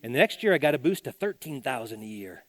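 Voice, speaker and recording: A man's voice: medium pitch, big pitch swings, fast, a bit bright, no room sound. A middle-aged male pastor preaching a sermon in a conversational way, repeating phrases and acting out the voices of the people he quotes. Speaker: senior pastor. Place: church.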